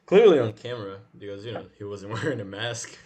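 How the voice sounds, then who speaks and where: A man in loose, casual podcast talk with a low-pitched voice. He rambles through long stories, swears freely and laughs often. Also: animated, a little fast, crowd noise. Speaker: podcast co-host. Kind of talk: casual chat.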